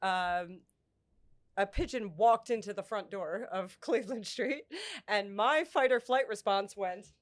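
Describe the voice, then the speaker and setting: A woman from Philadelphia co-hosting a podcast, giggly and quick to laugh in casual chat. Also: medium pitch. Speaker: podcast co-host.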